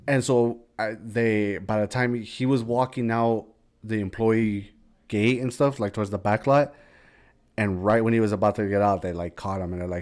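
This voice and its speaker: A young man with a somewhat low voice, chatting loosely on a podcast. He swears easily and lets his sentences trail off. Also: normal speed. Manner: relaxed, profane, trailing off. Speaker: podcast co-host. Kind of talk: casual chat.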